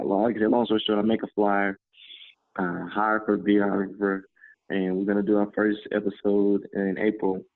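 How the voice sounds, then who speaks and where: A man's voice: lowish voice, dry recording. Laid-back storytelling man on a narrow line. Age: 20s. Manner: laid-back, chatty, full of "man" and "you know". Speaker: guest. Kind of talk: casual storytelling interview. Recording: phone-like narrow band.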